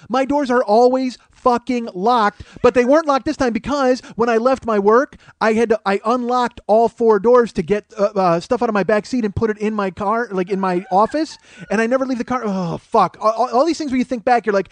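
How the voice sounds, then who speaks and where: Profane rambling high-voiced man. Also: fast, dry recording. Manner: profane, rambling, excitable storyteller. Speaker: podcast host. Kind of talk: comedic storytelling monologue.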